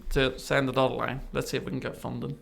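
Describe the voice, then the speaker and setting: Male guest, gravelly, mid pitch, animated storyteller. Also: quick pace. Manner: animated, acts out remembered dialogue. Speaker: podcast guest. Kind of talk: casual storytelling interview.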